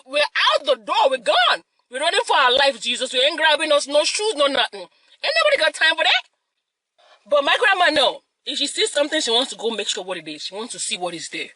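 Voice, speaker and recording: A young woman tells a family story while she eats. Her voice swings widely in pitch and has a bright, sharp edge. It sounds dry and close, with no room around it. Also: no echo, low-quality recording. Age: young adult. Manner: animated, laughing, mixes in Yoruba phrases. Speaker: mukbang host. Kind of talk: casual storytelling while eating.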